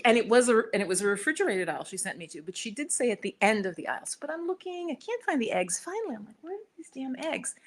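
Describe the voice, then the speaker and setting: A woman hosting a spiritual talk, chatting casually with live viewers and acting out little conversations as she tells a story. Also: medium pitch. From United States. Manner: chatty and animated, acts out quoted exchanges. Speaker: spiritual video host.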